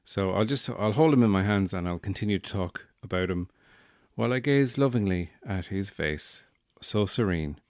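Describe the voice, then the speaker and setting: A man's voice: on the low side, animated, normal speed, a little mellow, no room sound. A man hosting a podcast as a new father, talking in a dry, self-deprecating and joking way in a casual monologue. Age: young adult or middle-aged new father. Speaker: podcast host.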